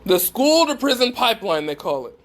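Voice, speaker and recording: A man's voice: very high-pitched, very animated, fairly quick, a bit bright. A man giving a preaching talk to a live group, emphatic and putting questions straight to his listeners. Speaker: speaker at a faith gathering.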